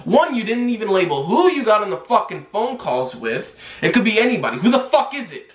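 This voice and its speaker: A man's voice: high-pitched, very animated, brisk. A young man ranting and mocking in a profane commentary vlog. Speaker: YouTube commentator. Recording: echoey room.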